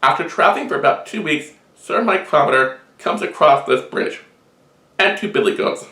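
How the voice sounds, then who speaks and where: A man telling a long shaggy-dog joke with deadpan storytelling. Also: a little high, normal speed, soft background music. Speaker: joke teller. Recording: roomy echo.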